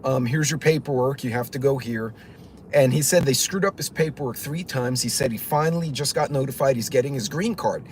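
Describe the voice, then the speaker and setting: Speaking a little fast at a medium pitch, a man hosts his own channel and spins a loose, meandering story packed with fillers and restarts. He voices the other characters as he goes, and there's slight background noise.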